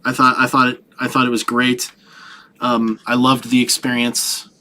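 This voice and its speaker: A man co-hosting a podcast who chats casually about films, speaking haltingly with lots of fillers and restarts. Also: mid-range voice, completely flat delivery, sharp tone, a little hiss or hum. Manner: halting, stumbling, many fillers. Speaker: podcast co-host. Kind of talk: casual movie review chat.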